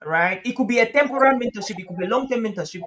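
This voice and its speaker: A man talking as a guest coach on a live stream, lively and emphatic, often laughing and repeating phrases for emphasis. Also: sits high, rapid-fire, rough recording. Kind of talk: conversational advice on a live stream.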